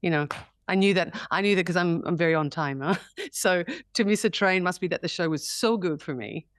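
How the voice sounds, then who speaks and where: An Australian woman in her forties, an actress telling stories in an interview, animated and expressive. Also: fairly low pitch, brisk, no echo, studio quality. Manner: animated, expressive, acts out quoted voices. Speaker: actress guest. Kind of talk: candid interview storytelling.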